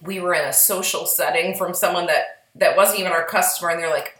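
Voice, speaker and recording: A woman's voice: lowish voice, fast, fairly bright tone, echoey room, poor audio. A woman co-hosting a casual podcast, chatty and reflective, her voice slightly worn. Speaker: podcast co-host, psychic medium.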